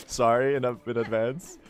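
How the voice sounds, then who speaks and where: A young man with a mid-range voice streams a game speedrun, chatting casually in a rambling, self-deprecating way and laughing often.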